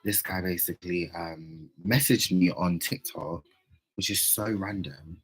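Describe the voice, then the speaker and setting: A man chatting casually on a livestream, playful, with sudden loud outbursts. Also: low voice, a little slow, husky, poor audio.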